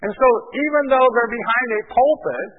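High-voiced pastor preaching, tinny hall sound. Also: male voice, expressive, moderate pace. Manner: asks the congregation questions. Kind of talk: sermon. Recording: tinny phone-like sound in a long-reverb hall.

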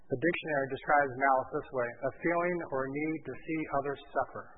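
A man preaching a sermon as pastor, with emphatic delivery that swells loud on key words. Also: medium pitch, a little fast, phone-quality sound, noisy background.

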